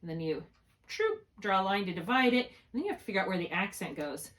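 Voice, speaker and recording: A woman's voice: medium pitch, very animated, fast, a bit bright, far from the mic. Woman, reading tutor, patient step-by-step explaining, laptop mic, sounds a bit off-mic. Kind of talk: one-on-one spelling lesson. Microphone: laptop mic, held while writing.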